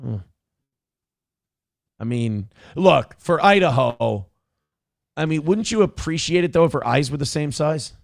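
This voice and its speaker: A man's voice: on the high side, animated, unhurried, vocal fry, long pauses, dry recording, studio quality. A man hosting a morning show, chatting loosely, swearing, laughing and reading viewer messages aloud. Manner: loose, profane, laughing, does mock voices in stories. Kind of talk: casual banter and reading chat messages.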